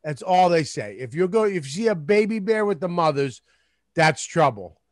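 A man's voice: fairly high pitch, sing-song, normal speed, dry recording, clean studio sound. A man guesting on a comedy podcast, riffing crudely with heavy swearing.

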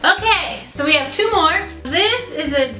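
Her voice high-pitched, bright, and forceful, a young woman taste-tests snacks for her vlog, talking a little slowly with lively intonation and sounding expressive and squeamish. The echoey room has light music in the background.

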